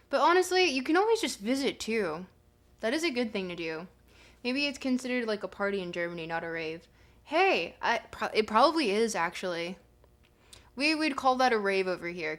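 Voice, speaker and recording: A young adult woman streamer in casual chat with her viewers, rambling with fillers and breaking into playful, excited bursts. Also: mid-range voice. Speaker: livestreamer reading chat.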